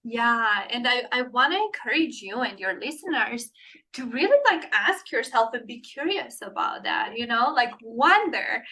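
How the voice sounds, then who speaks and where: A woman talks in an earnest, encouraging way, going soft and gentle whenever she voices words of comfort. Her voice is bright and sits a little high for a woman. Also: animated, normal speed, poor audio. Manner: earnest, encouraging, speaks softly when quoting comforting words. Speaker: guest. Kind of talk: casual conversation.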